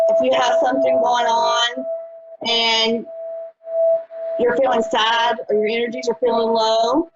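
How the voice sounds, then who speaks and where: A woman hosting a live call-in psychic show, chatty and folksy. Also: fairly high pitch. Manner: chatty, folksy, says honey and y'all. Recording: dull lo-fi live stream.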